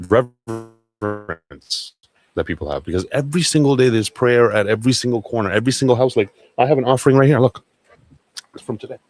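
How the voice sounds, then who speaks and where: A man's voice: medium pitch, rapid-fire, soft background music. A man hosting a casual livestream, rambling and swearing as he talks to viewers. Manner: rambling, profane, excitable. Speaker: livestream host.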